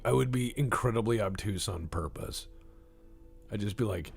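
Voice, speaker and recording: A man's voice: low-pitched, normal speed, vocal fry, darkish tone, breathy edge. A man streaming a naval strategy game, giving playful, rambling commentary with jokey asides to his chat. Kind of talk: casual live-stream commentary.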